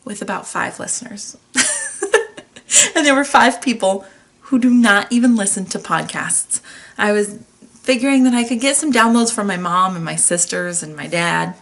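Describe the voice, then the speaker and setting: A woman's voice: medium pitch, a bit bright. Chatty woman podcast host. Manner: candid, chatty and playful, with mild swearing. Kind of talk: casual motivational monologue.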